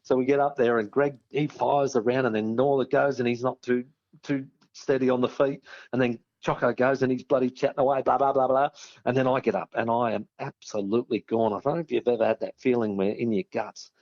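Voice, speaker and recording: An Australian man, a former sportsman as guest, telling a story in a lively, laughing way. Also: medium pitch, brisk, highs cut off. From South Australia. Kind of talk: casual anecdote telling.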